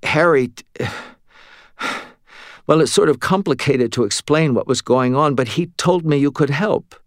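A man voicing a tired young woman apprentice wizard who talks softly and haltingly, in an audiobook reading. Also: on the high side, dry recording, clean studio sound, pitched above the performer's own voice, natural voice.

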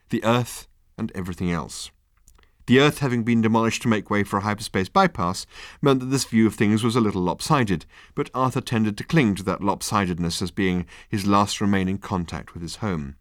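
A man reading an audiobook in a wry, measured storytelling voice. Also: on the low side, no room sound, studio quality. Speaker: audiobook narrator. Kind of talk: scripted narration.

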